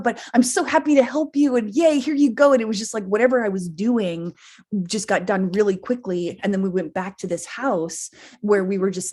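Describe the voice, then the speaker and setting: A woman's voice: medium pitch, a little mellow. A woman co-hosting a podcast, casually telling a long dream story, laughing often and swearing freely. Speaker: podcast co-host. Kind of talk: casual chat, recounting a dream.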